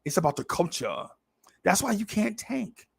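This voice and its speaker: A man's voice: sits high, sing-song, normal speed, creaky, husky, heavily acted. A man doing an impression of a fellow male basketball podcaster, dropping his voice and talking in an earnest, preachy way with a pursed lip.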